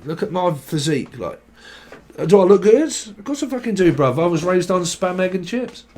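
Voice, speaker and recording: A young man from talks through a tarot reading in a loose, streetwise way. He hops from word to word, swears freely and laughs at his own jokes. His voice sits at an ordinary middle pitch. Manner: rambling, crude, jokey, word-associating, laughs often. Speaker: tarot reader. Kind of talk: casual off-the-cuff tarot channelling.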